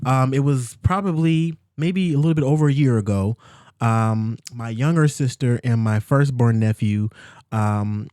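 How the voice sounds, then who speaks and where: A man, a podcast guest, telling an emotional personal story in an earnest, halting way, repeating himself and close to tears. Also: mid-range voice, dark tone, clear, resonant tone, no echo.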